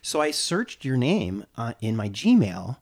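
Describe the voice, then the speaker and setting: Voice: medium pitch, big pitch swings, slow pace, gravelly. A host in their forties running a casual interview, chatty and self-deprecating. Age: 40s. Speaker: podcast host.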